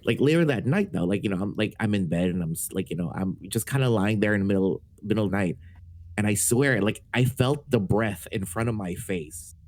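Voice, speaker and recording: A man on a podcast panel telling a story in a relaxed way, with lots of fillers and swearing. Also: fairly low pitch, a little fast. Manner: laid-back, swears freely, many fillers. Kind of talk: casual storytelling.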